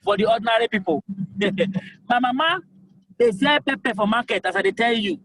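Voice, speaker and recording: A young Nigerian man with a strikingly high voice, pleading his case to voters with emphatic repetition. A faint hiss of noise sits under his voice. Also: normal speed, fairly bright tone, low-quality recording. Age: young adult. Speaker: governorship aspirant. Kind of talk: campaign call-in interview.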